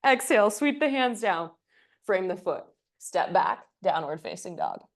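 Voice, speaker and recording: A woman's voice: medium pitch, very animated, unhurried. A woman teaching a yoga class, giving breath cues with playful, chatty asides, at times a little out of breath. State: slightly out of breath. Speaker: yoga instructor. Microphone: clip-on mic, sometimes moved off.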